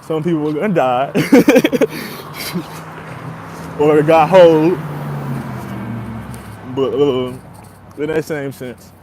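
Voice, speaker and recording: A man's voice: a little high, lively intonation, very slow, long pauses, noisy background. A young man talking casually and at length as a podcast host, laid-back and slangy, laughing often as he talks. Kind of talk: casual monologue.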